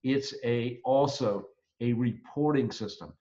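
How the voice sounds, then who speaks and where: A man's voice: medium pitch, slow pace, dark tone. A man giving a casual, chatty accounting lecture as a professor, with fillers and jokes. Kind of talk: recorded lecture. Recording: dull, lo-fi lecture recording.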